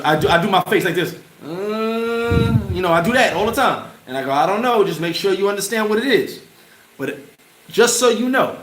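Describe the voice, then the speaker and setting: A man with a high voice hosts a casual livestream. He answers chat comments in an animated, slangy way and laughs often. He is recorded in a roomy space with loud noise behind him. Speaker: channel host answering live chat. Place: bar.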